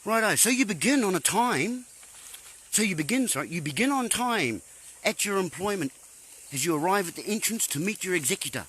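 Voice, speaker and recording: A man's voice: high-pitched, lively intonation, a little fast, a bit bright, breathy edge, poor audio. A man hosting a live stream, talking in a rambling monologue full of playful puns, rhetorical questions and sudden exclamations.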